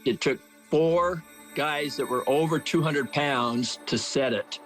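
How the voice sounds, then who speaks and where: A man's voice: mid-range voice, a little slow, fairly bright tone, low-quality recording. A man in his seventies telling a story in a plain, folksy way during a documentary interview. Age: 70s. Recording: faint music underneath. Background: faint music.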